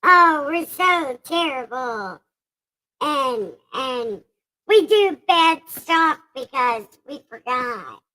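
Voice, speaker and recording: A woman's voice: high-pitched, lively intonation, extremely slow, sharp tone, pitched above the performer's own voice, heavily acted, rough recording. A woman voicing a whiny, groveling sinner who pleads with God in a comic scripture reading. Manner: whining, pleading, self-pitying.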